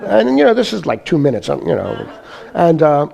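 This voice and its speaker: A man's voice: a little high, big pitch swings, moderate pace, gravelly, darkish tone, dull audio. A man giving an informal spoken testimony to a church congregation, rambling and full of "you know" as he tells his story. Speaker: guest speaker sharing his testimony. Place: church meeting.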